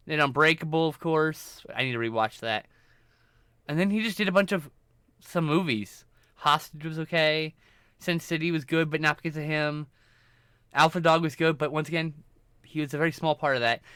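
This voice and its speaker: A man's voice: a little high, a bit bright, smooth, dry recording, clean studio sound. A man streaming live, ranting casually and profanely about movies while working through his film collection. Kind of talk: casual livestream rant.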